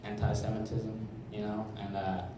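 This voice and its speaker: A man's voice: fairly low pitch, monotone, normal speed. A young man doing a stand-up comedy set on a club stage, rambling with lots of fillers. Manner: rambling, filler-heavy delivery. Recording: echoey club room, mic from far off, noisy.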